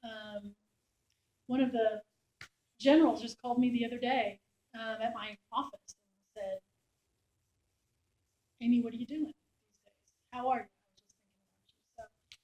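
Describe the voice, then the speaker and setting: Animated woman telling war stories. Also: fairly high pitch, moderate pace, pauses often, highs cut off. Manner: animated anecdote-telling, acts out quoted soldiers. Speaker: embedded war reporter speaking to a class. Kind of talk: storytelling talk. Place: lecture room. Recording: echoey room.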